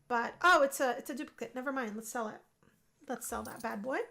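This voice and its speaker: Upbeat gamer lady talking through her sim game, a bit high voiced, keeps repeating stuff for emphasis. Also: fairly quick, gravelly, bright, forceful tone. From Puerto Rican family. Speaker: gaming video host. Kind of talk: casual Let's Play commentary.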